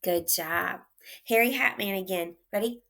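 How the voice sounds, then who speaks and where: A woman teacher leading young children through a phonics lesson, speaking slowly and clearly with frequent praise. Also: mid-range voice, fairly bright tone.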